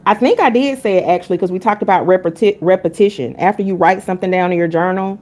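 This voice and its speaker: A woman's voice: fairly low pitch, fast talker, darkish tone. Blunt, chatty woman tarot reader. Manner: candid and blunt, chatting with chat between readings. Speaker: tarot reader hosting a live stream. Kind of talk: casual live-stream chat with viewers.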